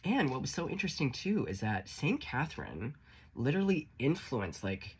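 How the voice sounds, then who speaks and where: A man's voice: medium pitch, big pitch swings, normal speed, a little hiss or hum. A man giving a casual tarot reading, chatty and encouraging, swearing freely. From Canada. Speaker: tarot reader.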